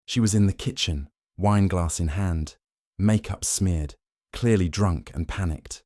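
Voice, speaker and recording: Brooding deep male narrator. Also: dark tone, no echo, clean studio sound. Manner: brooding, measured, vengeful. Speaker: storyteller. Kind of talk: first-person dramatic narration.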